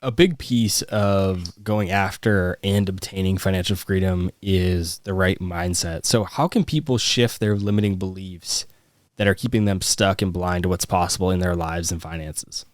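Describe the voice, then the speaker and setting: A man hosting a podcast interview, putting a measured, prepared question to his guest. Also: sits low, no room sound. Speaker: podcast host.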